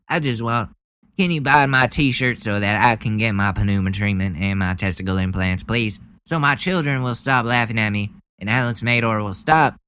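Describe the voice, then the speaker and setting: A man's voice: mid-range voice, sharp tone. A man doing a comic impression of a whiny, self-pitying middle-aged male politician. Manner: whining, mock-wounded.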